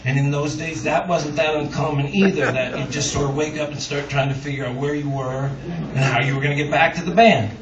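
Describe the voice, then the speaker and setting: A man's voice: fairly high pitch, steady tone, brisk. A man, a singer-songwriter, telling a long, rambling, self-mocking story to a live audience, chuckling as he goes. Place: live music club on stage. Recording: roomy, dull, distant audience recording. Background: audience laughter and crowd noise.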